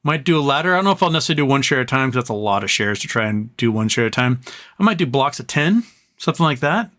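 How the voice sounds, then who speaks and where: A man's voice: mid-range voice, sing-song, very fast, fairly bright tone. A man hosting a casual livestream, reading viewer messages aloud and joking and rambling between them. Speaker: livestream host reading super chats.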